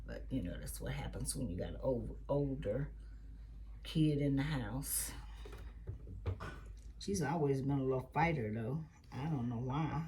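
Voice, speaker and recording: A quilting channel host with a very deep voice chats casually through a sewing tutorial, rambling into family stories and now and then slipping into soft, muttered asides. A faint hiss or hum sits under the audio.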